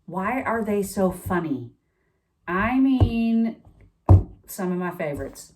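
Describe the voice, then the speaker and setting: A woman's voice: medium pitch, animated, slow, noisy background. A woman reading a picture book aloud to children, with chatty asides to her young listeners. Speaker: storytime reader.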